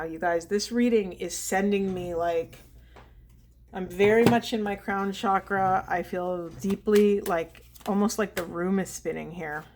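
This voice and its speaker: Woman tarot reader, mid-pitched, slow and meditative, emotional with sighs. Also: noisy background. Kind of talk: spiritual tarot reading to camera.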